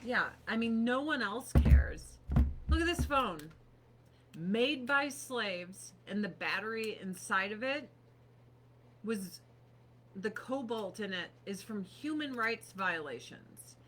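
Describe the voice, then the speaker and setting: A woman in her thirties talks to her stream from a cramped home office desk, swearing freely and sarcastic. Her voice is bright and lively, swinging widely in pitch, while she speaks at an unhurried pace. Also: a little hiss or hum. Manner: profane, sarcastic, animated. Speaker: livestreamer. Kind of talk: casual livestream chat.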